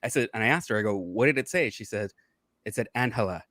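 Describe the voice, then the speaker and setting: A man speaks as a podcast guest, explaining at a calm, unhurried pace. He leans on fillers as he talks things through. His voice sits a bit low, recorded dry and close. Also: no room sound. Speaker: psychic medium guest. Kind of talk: casual explanatory chat.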